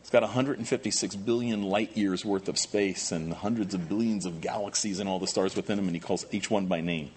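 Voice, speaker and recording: A man preaching a sermon as pastor, animated, moving from quiet asides to loud emphatic questions. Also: sits low, fairly quick, few pauses, slight background noise.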